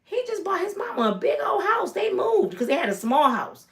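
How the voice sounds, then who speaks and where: A chatty neighbor rattles off news in a high, quick voice. A woman acts her out with her pitch lifted well above her normal talk. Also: sing-song, creaky, distant mic, exaggerated voice. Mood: matter-of-fact.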